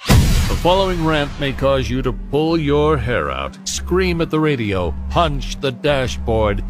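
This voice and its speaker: A man reading radio promos in a measured mock-warning delivery. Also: medium pitch, big pitch swings. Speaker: radio announcer. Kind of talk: station promo voice-over. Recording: music bed behind voice.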